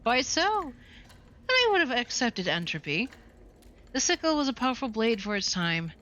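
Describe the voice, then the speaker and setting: A woman's voice: fairly high pitch, sing-song, fairly bright tone, pitched above the performer's own voice. A woman doing a grave cosmic entity. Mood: solemn. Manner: grave, oracular, measured. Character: solemn cosmic being, the end of time.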